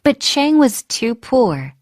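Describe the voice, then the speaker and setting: Slow, lively woman reading a storybook. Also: on the high side, no echo, studio quality. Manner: slow and expressive, acting out the characters. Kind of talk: children's storybook read-aloud.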